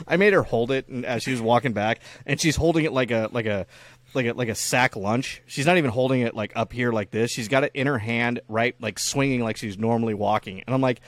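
A man in his thirties telling a family story in casual banter, animated and swearing a lot. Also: medium pitch, brisk, no room sound.

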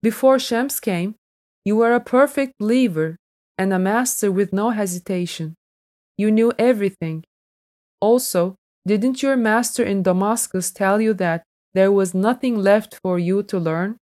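A woman narrating an audiobook in a measured, reading voice, moving between poetry and prose. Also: mid-range voice, darkish tone.

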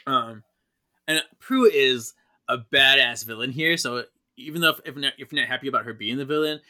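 A man's voice: mid-range voice, normal speed, pushed and bright. A man co-hosting a podcast, chatting enthusiastically with lots of laughter. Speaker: podcast co-host. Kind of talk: casual chat.

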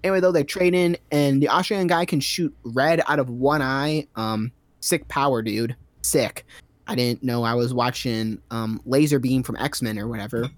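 A man's voice: mid-range voice, fairly even intonation, normal speed, dry recording. A man giving a rambling, sarcastic recap of a movie's plot in a casual comedic style, full of fillers.

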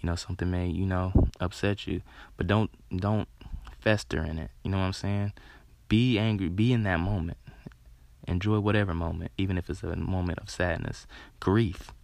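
A man with a very low, gravelly voice gives a rambling motivational talk. He is earnest and casual, leans on "you know", and swears freely. The sound is close and dry. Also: steady tone, normal speed, a little mellow, dry recording.

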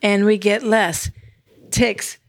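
A woman's voice: mid-range voice, fairly even intonation, takes it slowly, dry recording. An older woman co-hosting a podcast, chatty and self-deprecating in casual conversation. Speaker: podcast co-host. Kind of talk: casual chat.

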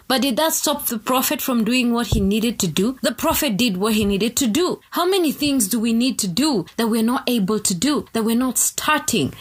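A woman hosts a faith podcast with a slightly husky, breathy voice that sits a touch high. She speaks earnestly and conversationally, and she drops self-mocking jokes between her reflections. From Kenya. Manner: earnest, chatty, with self-mocking laughing asides. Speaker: podcast host. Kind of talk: faith podcast monologue with prayer.

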